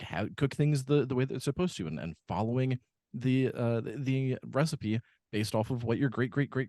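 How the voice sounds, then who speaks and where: Recorded in a clean studio without echo, a co-host with a mellow, medium-pitched voice discusses a film on a podcast. His chat is casual and rambling, with lots of fillers and false starts.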